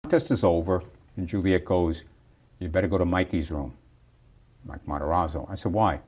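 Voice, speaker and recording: A man's voice: low-pitched, moderate pace, slightly rough. A man who promotes bodybuilding, telling a story at length and acting out the people in it. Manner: animated storyteller, voices the people in his story. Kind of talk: storytelling in an interview.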